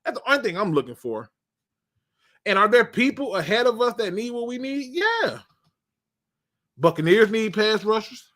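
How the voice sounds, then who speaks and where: Lively, high-voiced man talking football. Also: moderate pace, pauses often. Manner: animated, joking, colloquial. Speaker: sports show host. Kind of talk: live-stream football draft talk.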